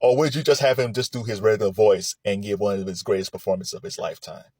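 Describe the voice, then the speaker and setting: A man giving casual vlog commentary about movies, chatty and lively, with frequent restarts and laughs. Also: fairly low pitch, fast talker, slightly rough, dry recording.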